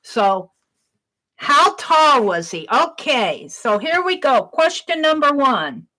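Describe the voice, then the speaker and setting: Woman, livestream host, high bright voice, unhurried, reads viewer questions aloud and praises them. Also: sing-song.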